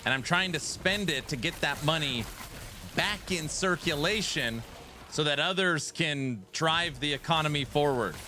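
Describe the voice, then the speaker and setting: A man's voice: on the high side, a little slow, bright, forceful tone, slight background noise. A man streaming a video game, bantering playfully and defensively with his chat. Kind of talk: casual gaming stream chat.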